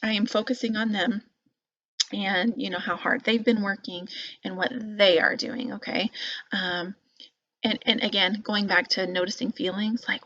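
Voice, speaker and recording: A woman teacher explaining parenting advice in casual talk, with many fillers and animated example phrases. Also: mid-range voice, measured pace, no room sound, dull audio.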